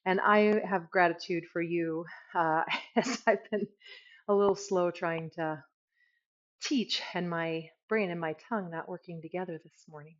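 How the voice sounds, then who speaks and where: A woman's voice: fairly low pitch, fairly even intonation, unhurried, lo-fi sound. A woman teaching a yoga class, giving casual, self-deprecating cues while she moves through the poses. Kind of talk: guided yoga instruction.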